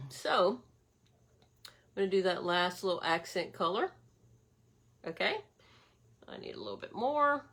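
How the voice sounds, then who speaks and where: Bright-voiced woman demoing makeup. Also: mid-range voice, expressive, unhurried, long pauses. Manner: chatty, addresses viewers as y'all. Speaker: makeup demonstrator. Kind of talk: casual makeup tutorial.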